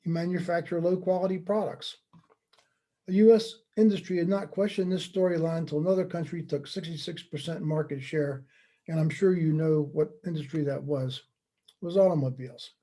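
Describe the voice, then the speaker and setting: A man from the United States giving a slide-based presentation lecture, conversational and wry, with deadpan joking asides. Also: on the high side, brisk. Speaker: speaker giving a talk.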